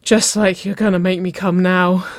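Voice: medium pitch, level tone, moderate pace, no room sound, clean studio sound, voice pushed up, natural voice. A reader voicing a desperate young woman in love, breathless and pleading, slipping into whispers.

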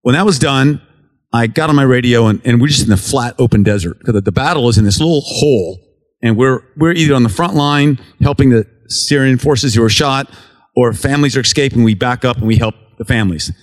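An earnest American man tells a church congregation stories from his relief work, in a plain, conversational testimony style. His voice sits at a middle pitch for a man, and he slips into the voices of the people in his stories as he recounts their words. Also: brisk. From United States. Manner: earnest, conversational, acts out dialogue while telling stories. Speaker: relief worker giving a mission report to a church. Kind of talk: storytelling testimony talk.

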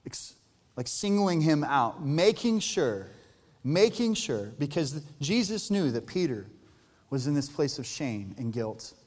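A man pastor delivering an Easter sermon, earnest and emphatic, rising to loud peaks and dropping soft for tender lines. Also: a little high, expressive, measured pace. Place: large church hall. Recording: live church hall with long reverb and soft music.

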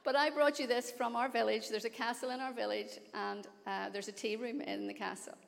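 A woman's voice: fairly high pitch, brisk, gravelly. Northern Irish woman preaching in a hall. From Northern Ireland. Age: older. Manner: effusive, laughing, rising to excited exclaims. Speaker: guest preacher. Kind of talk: warm church address. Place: large church sanctuary. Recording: long hall reverb.

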